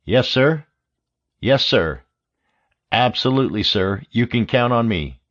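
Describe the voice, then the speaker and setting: A man's voice: mid-range voice, expressive, measured pace, fairly bright tone, voice pushed up. A man voicing an eager, obedient male agent whose speech is muffled by a swollen jaw. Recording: dull lo-fi audio.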